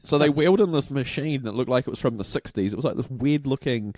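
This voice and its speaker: A man's voice: mid-range voice, fast, darkish tone, no room sound, clean studio sound. New man telling a story. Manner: storytelling, acting out quoted voices. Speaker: podcast co-host. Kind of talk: casual chat.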